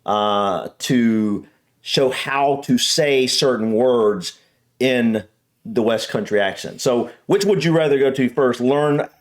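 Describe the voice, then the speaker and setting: An American man hosts a casual reaction video. He talks in an eager, rambling way with frequent restarts. His voice sits at an ordinary middle pitch. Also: takes it slowly. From United States. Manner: chatty, enthusiastic, rambling with restarts. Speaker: host.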